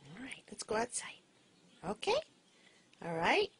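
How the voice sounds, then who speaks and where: A woman talking affectionately to her pet bird at home, coaxing and sing-song, sometimes dropping to a soft whisper. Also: a little high, sing-song, measured pace, a little hiss or hum. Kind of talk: affectionate baby talk to a pet.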